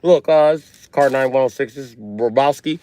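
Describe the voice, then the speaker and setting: A man's voice: medium pitch, moderate pace, warm tone, no echo, close to an everyday voice. A man voicing a flustered police officer who hesitates as he calls in on the radio. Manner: hesitant, stammering.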